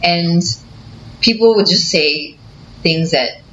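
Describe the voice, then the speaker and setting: Woman telling a painful story, bright-toned. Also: fairly low pitch, slow. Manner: emotional, animated retelling with acted quotes. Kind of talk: candid personal storytelling. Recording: slightly dull audio with faint noise.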